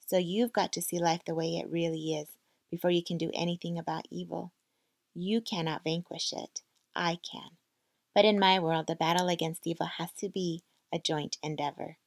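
Audiobook-style: a woman voicing a steady, earnest female mentor, low and a bit gravelly. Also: normal speed, dry recording, clean studio sound, natural voice. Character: calm, steady female mentor, speaking from hard experience.

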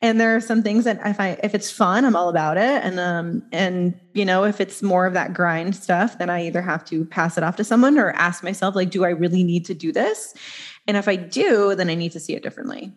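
A woman in her thirties hosting a podcast in casual conversation, chatty and animated, laughing often as she tells stories. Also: on the low side, fairly quick, hardly any pauses.

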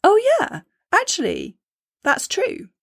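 A woman's voice: very high-pitched, wildly swooping pitch, takes it slowly, creaky, voice pushed up, heavily acted. A woman voicing a listener's hesitant inner voice, chirpy and uncertain, while teaching on a podcast. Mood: tentative.

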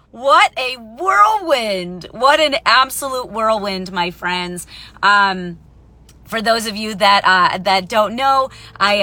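Bright, slow-talking chatty woman. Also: medium pitch. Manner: chatty, rambling, many fillers and restarts; upbeat, greets viewers by name. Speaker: live-stream host. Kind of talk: casual live-stream talk.

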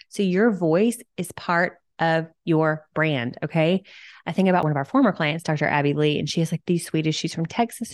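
Woman, podcast host, low voice, chatty and eager, casual filler words. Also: animated, moderate pace, no room sound, studio quality. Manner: chatty, enthusiastic, many "like" fillers. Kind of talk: casual solo podcast tips.

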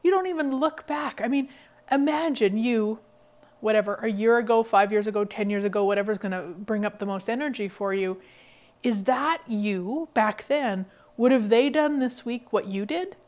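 Upbeat woman, slightly high voice. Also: normal speed. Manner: energetic, emphatic, laughs often. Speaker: podcast host. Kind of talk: motivational solo talk.

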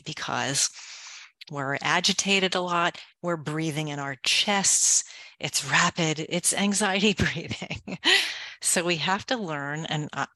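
A woman author, a guest on an interview show, explaining things in an energetic, practical way and walking through simple steps one at a time. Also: low-pitched, no echo. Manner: energetic, gives practical step-by-step guidance; self-described go-go person. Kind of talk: conversational advice in an interview.

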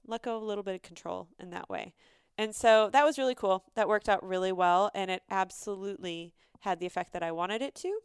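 A woman's voice: mid-range voice, smooth, dry recording, clean studio sound. A woman hosting a podcast, talking casually and animatedly with lots of fillers and restarts. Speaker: podcast host. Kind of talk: casual solo podcast talk.

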